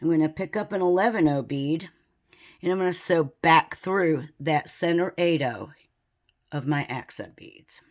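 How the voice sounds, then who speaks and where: A woman giving a calm, methodical beading tutorial, counting beads aloud as she works step by step. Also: low-pitched, measured pace. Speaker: beading instructor.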